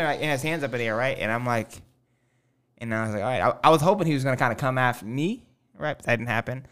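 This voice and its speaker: A man's voice: mid-range voice, fast talker, fairly bright tone, smooth. A man in casual chat with friends, telling a long story loosely with lots of fillers and swearing. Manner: rambling, loose, profane storyteller with many fillers.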